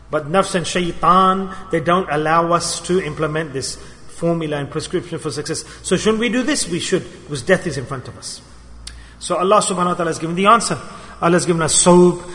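A man's voice: sits high, fairly bright tone. A man preaching a sermon with passion, repeating his key phrases for emphasis. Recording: long hall reverb.

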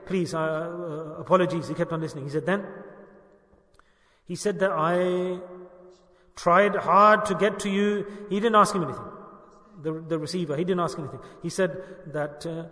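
A male preacher with a high, ringing, bright voice delivers a sermon, firing questions at his listeners and answering them himself. The sound is echoey and comes from a distance across a large hall. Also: moderate pace, pauses often. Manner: asks the audience questions and answers them himself, urges them to say it loudly. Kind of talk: religious sermon with call-and-response.

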